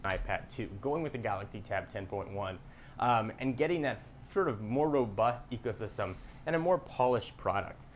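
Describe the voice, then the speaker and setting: A man presenting a scripted gadget review in a measured, explanatory way. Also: on the low side, expressive, a little hiss or hum. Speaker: tech reviewer.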